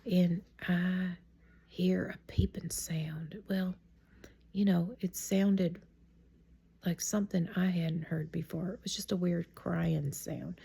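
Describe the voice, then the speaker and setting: A middle-aged woman telling a true story in a chatty, rambling way, often dropping into a hushed whisper. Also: on the low side, steady tone, takes it slowly, vocal fry, breathy edge. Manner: chatty and digressive. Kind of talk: casual spoken storytime.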